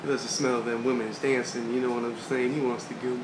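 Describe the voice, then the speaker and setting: A man's voice: mid-range voice, steady tone, moderate pace. A man casually reading a comic aloud and commenting on it in a laid-back, slangy way. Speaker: comic read-along host. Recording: echoey room with background hiss.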